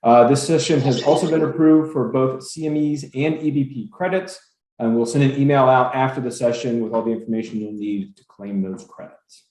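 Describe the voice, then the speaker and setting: A man's voice: medium pitch, brisk, roomy sound, low-quality recording. A man hosting a webinar series, reading a formal introduction of a speaker on a video call. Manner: steady, organized, reads a formal bio.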